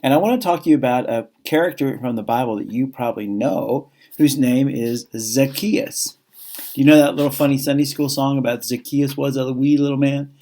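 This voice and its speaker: Man in the chaplain role, easygoing chapel talk for students, chatty and self-deprecating, average pitch. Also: brisk, dark tone. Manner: chatty, self-deprecating, reads scripture aloud. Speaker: school chaplain.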